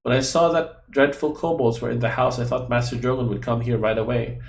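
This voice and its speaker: A man's voice: mid-range voice, steady tone, brisk, creaky, roomy sound, slight background noise, natural voice. A man voicing a fretful childlike female guardian. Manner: talks about herself in the third person, broken grammar.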